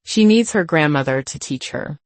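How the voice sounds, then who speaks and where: A woman voicing an exhausted, remorseful grown daughter in a spoken story, halting and hesitant. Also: low voice, lively intonation, no room sound. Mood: pleading.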